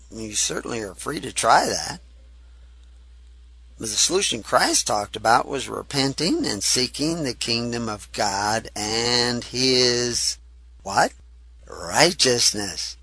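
A man with a Texas drawl preaches with lively swings of pitch, his voice bright and a little husky. He talks in a folksy, emphatic way, building up in bursts. The sound is dry and close. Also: dry recording. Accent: Southern US (Texas). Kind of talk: sermon.

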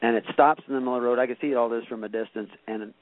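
A man's voice: mid-range voice, fairly even intonation, rapid-fire, no echo. Man, preacher, folksy sermon storytelling, emphatic, tinny radio sound, dry. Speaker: pastor.

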